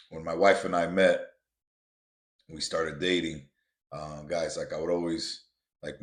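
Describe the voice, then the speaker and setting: Deep-voiced man telling a motivational story. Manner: builds to emphatic, repetitive punches; casual, addresses listeners as guys. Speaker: podcast host. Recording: roomy echo.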